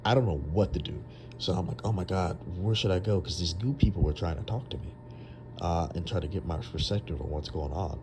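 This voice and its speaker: A man's voice: low-pitched, fairly quick, background noise. A young man casually retelling a long dream, rambling with lots of fillers and restarts. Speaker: storyteller.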